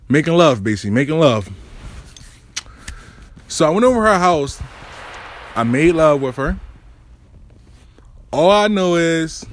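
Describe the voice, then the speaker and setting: A man telling a story in casual storytime style, profane and animated with street slang. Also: medium pitch.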